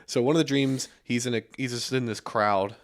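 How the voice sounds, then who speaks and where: A young man hosting a casual podcast, telling stories in a relaxed way with lots of fillers and restarts. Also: medium pitch, fairly quick.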